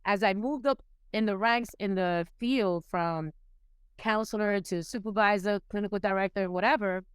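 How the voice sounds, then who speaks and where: A middle-aged woman from Puerto Rico, raised in New York City, telling her life story as a podcast guest in a lively way, acting out the people she quotes. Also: normal speed, smooth, no echo. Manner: animated, acts out quoted people with rising pitch. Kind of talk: casual storytelling interview.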